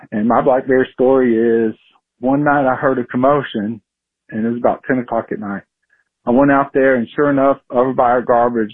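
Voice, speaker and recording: A man from Florida calling in to a radio show and telling a lively story. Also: mid-range voice, slightly rough. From Florida, USA. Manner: animated storyteller who acts out yelling. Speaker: caller. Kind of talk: phoned-in storytelling. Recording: phone line.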